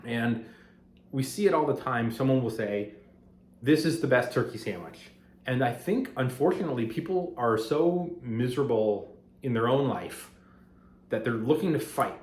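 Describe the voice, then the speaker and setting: A man's voice: medium pitch, lively intonation, moderate pace, a little mellow. A man who makes finance videos, talking at home in a rambling, conversational way that grows heated and emphatic. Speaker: finance content creator. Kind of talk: casual talking-head vlog. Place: apartment at home. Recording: roomy echo of a home room.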